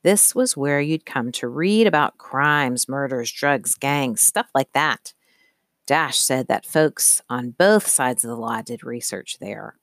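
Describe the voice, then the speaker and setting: Steady audiobook narrator, dry sound. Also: mid-range voice, slow, dry recording. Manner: steady, even storytelling. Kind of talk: scripted narration.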